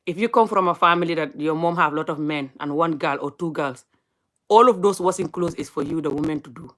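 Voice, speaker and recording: A woman rants straight to camera, scolding and mocking. Her delivery keeps jumping from low, pointed asides to high, sing-song exclamations. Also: fairly quick, a bit bright. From Gambia. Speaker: vlogger. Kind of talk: animated ranting commentary.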